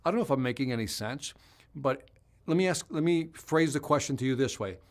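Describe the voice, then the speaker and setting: A man's voice: mid-range voice, fairly quick. A man hosting a live stream as a sales trainer, chatting energetically and answering viewer comments directly. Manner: energetic, conversational, talks straight to viewers.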